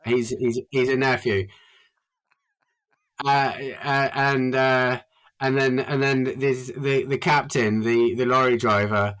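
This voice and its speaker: A man talking casually as a podcast guest, halting and repeating words, laughing easily. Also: medium pitch, steady tone, a bit bright, clean tone. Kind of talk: casual chat.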